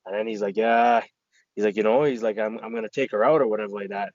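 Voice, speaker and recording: A man talking quickly in a loose, rambling way, swearing often as he tells a story and acts out what his friends said. The sound is dry and a little dull. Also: on the low side, steady tone, a little mellow, dry recording. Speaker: podcast co-host. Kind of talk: casual storytelling chat.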